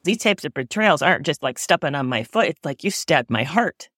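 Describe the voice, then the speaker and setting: A woman's voice: sits low, animated, a little fast, fairly bright tone, dry recording, studio quality. A woman in a reflective conversation, talking in an earnest, searching way and often correcting herself mid-sentence.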